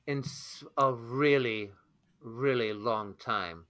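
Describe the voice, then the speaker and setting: A man plays his character in a tabletop game podcast, taking his words slowly. He often stops and restarts mid-sentence. His tone is bright and forward, in a middle pitch. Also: fairly even intonation. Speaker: player.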